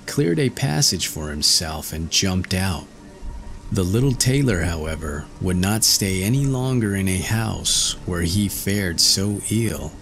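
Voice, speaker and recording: A man narrating a classic fairy tale in a slow, measured storytelling manner. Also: sits low, a bit bright, slight background noise. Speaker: audiobook narrator.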